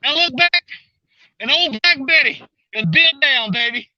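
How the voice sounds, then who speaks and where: A high-voiced, bright, excitable man talks to his viewers while fighting a fish at the water's edge. He is out of breath and draws his words out slowly. The sound is a little dull and lo-fi. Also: dry recording. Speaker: fishing vlogger. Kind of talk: excited live fishing commentary.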